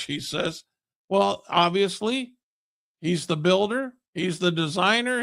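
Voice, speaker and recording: A man's voice: sits high, gravelly, fairly bright tone, no room sound. A man preaching a recorded Bible lesson, emphatic and asking rhetorical questions. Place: Kearney, Missouri area church.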